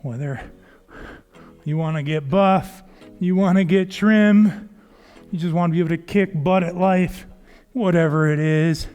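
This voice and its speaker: A man with a slightly higher voice coaches a home workout, steady and encouraging as he calls out form cues and counts reps. Soft music plays faintly underneath. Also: measured pace, long pauses, clear, resonant tone. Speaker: fitness coach.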